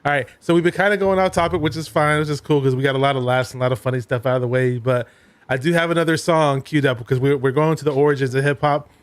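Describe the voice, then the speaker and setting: Relaxed man hosting a casual online chat. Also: mid-range voice, quick pace, smooth, no room sound. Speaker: podcast host.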